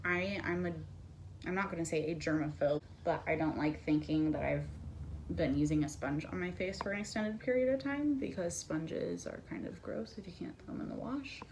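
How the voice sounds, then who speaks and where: A woman's voice: lowish voice, normal speed, a little mellow, slight background noise. A young woman at home chatting candidly through a casual makeup tutorial. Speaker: beauty vlogger.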